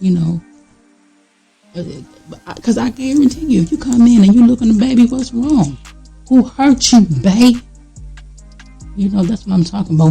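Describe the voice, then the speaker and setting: Husky, very dark-voiced blunt vlogger. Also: mid-range voice, rough recording. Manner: emphatic, blunt and preachy, talking straight to the viewer; casual slangy speech with fillers and repeats. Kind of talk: candid motivational monologue.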